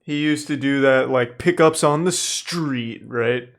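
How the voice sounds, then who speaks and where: A man's voice: mid-range voice, slow pace. A man streaming, making dry, sardonic remarks as he watches videos. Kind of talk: casual stream commentary.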